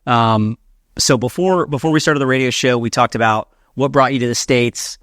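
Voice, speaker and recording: A man hosting a health podcast interview, speaking in an energetic announcer-style voice while gesturing with his hands. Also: medium pitch, normal speed, no echo, clean studio sound. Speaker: podcast host.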